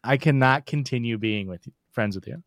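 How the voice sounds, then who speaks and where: A man's voice: mid-range voice, a little fast, a bit bright, no room sound. Young man, podcast co-host, playful banter, dry close-mic sound. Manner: playful, teasing, goofy bits. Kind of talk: casual chat.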